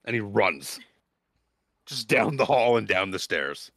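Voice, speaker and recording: Male game master, low and lively, dry close sound. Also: a little slow, no room sound. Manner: animated, chatty, laughing. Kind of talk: narrating a tabletop game.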